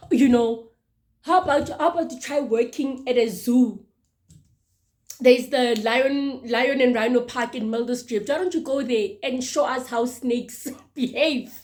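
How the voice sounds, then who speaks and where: A woman in her mid-thirties hosting a casual advice monologue, earnest and emphatic, often repeating her words. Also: sits high. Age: 30s. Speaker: show host.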